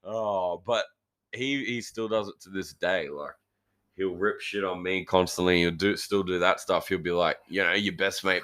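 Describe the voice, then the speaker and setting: A man's voice: deep voice, normal speed, fairly bright tone, clear, resonant tone. A young man with an Australian accent, a podcast guest telling rambling crude stories and laughing. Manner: rambling storyteller, swears, laughs. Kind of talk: crude casual banter.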